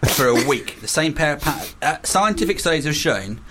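A man co-hosting a radio show, rambling through deadpan absurd jokes. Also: a little high, normal speed, noisy background. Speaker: radio co-host. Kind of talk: casual radio chat.

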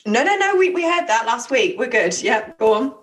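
A woman's voice: fairly high pitch, big pitch swings, fairly bright tone, poor audio. Female co-host, playful and frank, casual chat. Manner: playful, frank, quick to answer back. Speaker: podcast co-host.

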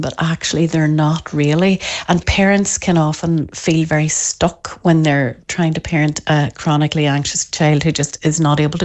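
A woman, a parenting expert giving an interview, who talks in an animated way and often acts out parents' voices. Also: deep voice. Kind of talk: podcast interview.

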